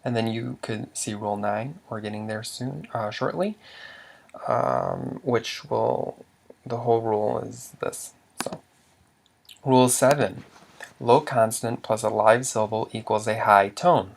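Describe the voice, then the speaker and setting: A man's voice: on the low side, fairly even intonation, measured pace, vocal fry, slight background noise. A man teaching a language lesson, explaining rules patiently step by step with some fillers.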